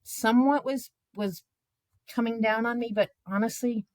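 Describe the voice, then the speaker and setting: A woman in her fifties, a journalist guest, telling her own stories in a candid, animated way with many filler words. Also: on the high side, normal speed, dry recording. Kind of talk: candid conversational storytelling.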